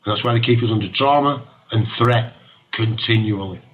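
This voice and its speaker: A man's voice: fairly low pitch, fairly quick, phone-quality sound, slight background noise. A man hosting an internet radio show, talking with passion, ranting and laughing often. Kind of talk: impassioned talk radio monologue.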